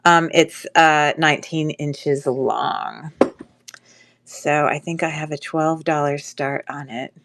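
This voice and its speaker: A woman's voice: low-pitched, steady tone, takes it slowly, creaky, fairly bright tone, a little hiss or hum. A woman with a stuffy nose from a cold, chatting casually with many ums while running a live jewelry auction. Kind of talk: casual live-stream selling chat.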